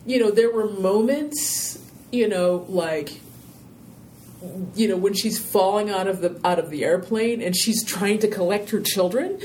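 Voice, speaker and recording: A filmmaker being interviewed answers in a loose, rambling, unhurried way, telling her stories with animated energy and lots of "you know." Her voice is warm and mellow, with a faint low rumble behind it.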